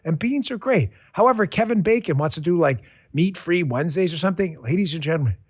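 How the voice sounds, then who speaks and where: A man's voice: fairly high pitch, lively intonation, fast talker, breathy edge. A middle-aged man from New York hosting a podcast, talking in a loose, joking way with rambling asides. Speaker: podcast host. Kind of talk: casual political podcast talk.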